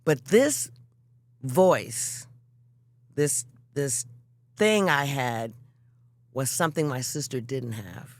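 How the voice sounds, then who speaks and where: Animated woman telling stories. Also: a bass voice, slow, long pauses, no room sound. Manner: animated, acts out quotes in voices, swears freely. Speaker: songwriter guest. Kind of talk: casual storytelling chat.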